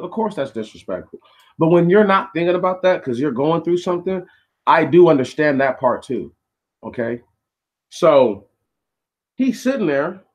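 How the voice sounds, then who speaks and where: Male streamer, blunt and profane storyteller, slightly higher voice. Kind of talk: casual storytelling monologue.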